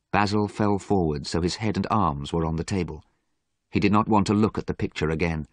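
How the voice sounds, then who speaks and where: A man narrating a graded story in a steady, clear storytelling manner. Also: low-pitched, fairly quick, dry recording.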